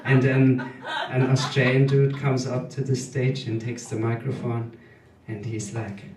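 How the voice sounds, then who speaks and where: A German-accented man in his thirties performs stand-up in a small live venue, speaking very slowly with a halting, deadpan delivery. He sounds somewhat distant from the mic, and the room adds a noticeable echo. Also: medium pitch, slight background noise. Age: 30s. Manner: hesitant, deadpan, halting with many ums. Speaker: stand-up comedian. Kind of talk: stand-up comedy set.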